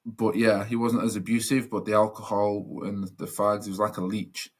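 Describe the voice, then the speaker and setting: A man's voice: on the low side, level tone, normal speed. A young man telling a personal story as a podcast guest, earnest and reflective, with many fillers and restarts.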